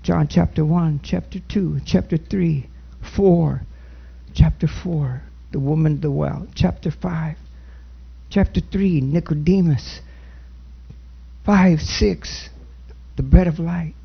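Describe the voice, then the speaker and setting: A man preaching a sermon and leading a spoken prayer, earnest and halting, with many restarts. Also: on the high side, creaky, breathy edge. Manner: louder and fervent when praying. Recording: dull lo-fi recording.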